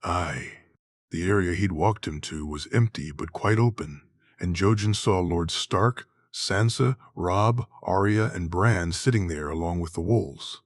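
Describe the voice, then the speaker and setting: A man reading fantasy fan fiction aloud as an audiobook narrator, in a slow, measured way. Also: low-pitched, no room sound, clean studio sound.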